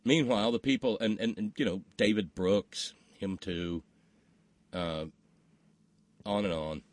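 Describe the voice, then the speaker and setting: A man's voice: on the low side, steady tone, measured pace, dry recording. Profane wry talk host guy, dry close mic, just chatting. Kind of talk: casual political talk.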